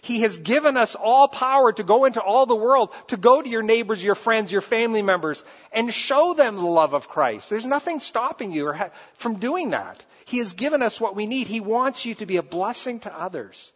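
A man preaching a sermon, animated, rising high and loud for acted quotes and dropping soft for scripture. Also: normal speed, few pauses. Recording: dull sound with long hall reverb.

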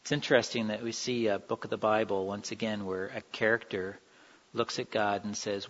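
A man's voice: on the low side, steady tone, moderate pace, a bit bright. A man giving an earnest, conversational sermon. He acts out the quoted lines with feeling. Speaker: preacher. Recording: dull sound in a reverberant hall.

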